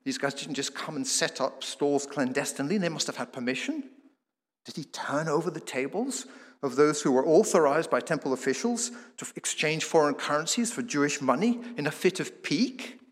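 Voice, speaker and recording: A man's voice: fairly high pitch, moderate pace, big-room sound. A man preaching a sermon, explaining the passage and posing rhetorical questions with occasional restarts.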